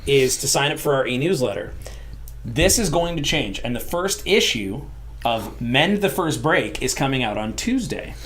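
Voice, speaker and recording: A man's voice: mid-range voice, very animated, normal speed, a bit bright. A man co-hosting a tabletop game livestream, chatting casually in a talkative, upbeat way. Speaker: co-host of a tabletop game channel.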